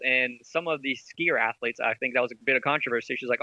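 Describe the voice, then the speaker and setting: A man's voice: medium pitch, fast, hardly any pauses, sharp tone, no room sound, dull audio. A man, a podcast guest who founded an esports team, talks in an enthusiastic, rambling way and argues through rhetorical questions. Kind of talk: casual interview chat.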